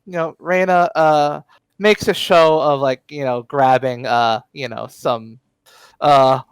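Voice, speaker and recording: A man's voice: fairly high pitch, fairly even intonation, slow pace, smooth, no room sound, rough recording. A man narrating as game master in a tabletop game, rambling with many fillers.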